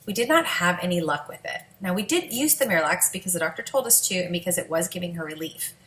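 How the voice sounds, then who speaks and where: A woman's voice: on the low side, lively intonation, fast talker, fairly bright tone, reverberant, poor audio. A woman, a mother, telling her family's story in a candid, emotional, conversational vlog.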